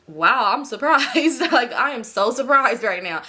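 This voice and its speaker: A woman's voice: a little high, animated, unhurried, hardly any pauses, pushed and bright. A young woman in her twenties chats straight to her viewers, swearing freely and laughing often as she tells her story. Her tone is candid and unfiltered, like talking to friends. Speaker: vlogger. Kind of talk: casual storytime chat.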